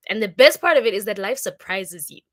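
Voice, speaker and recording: A young woman from Congo talks in an upbeat, chatty way on her livestream, sprinkling in lots of fillers. Her voice sits at an ordinary middle pitch and sounds close and dry, with no room around it. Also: animated, a little fast, fairly bright tone, no echo. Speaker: content creator. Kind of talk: casual livestream chat.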